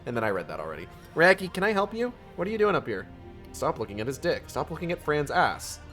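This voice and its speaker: A man's voice: fairly high pitch, big pitch swings, fast talker, fairly bright tone, faint music behind. A man streaming a game, making profane, jokey asides. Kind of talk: livestream gameplay commentary.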